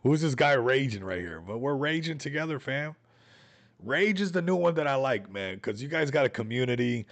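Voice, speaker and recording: A man's voice: mid-range voice, animated, normal speed. Hyped man hosting a crypto livestream. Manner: hyped, rambling, slangy. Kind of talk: casual livestream chat. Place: Las Vegas home.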